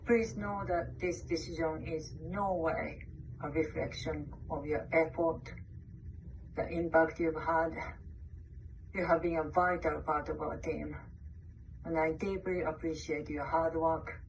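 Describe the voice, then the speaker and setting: Low-voiced woman reading a formal statement. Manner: measured, formal, reads prepared wording. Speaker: manager on a layoff call. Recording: distant, noisy call audio.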